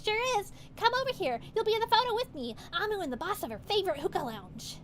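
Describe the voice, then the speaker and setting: A woman's voice: very high voice, very animated, fast talker, fairly bright tone, slight background noise, voice pushed up, full character voice. A woman voicing a bubbly young woman who works at a maid cafe, cute and a little defensive. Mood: excited.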